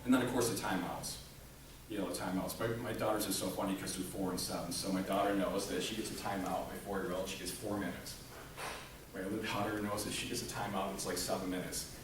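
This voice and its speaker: A man's voice: sits low, fairly even intonation, fast. A man giving a comedic motivational talk to a staff audience, joking and conversational, asking the room rhetorical questions. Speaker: motivational speaker. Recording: very echoey room, mic far off, background noise. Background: audience laughter.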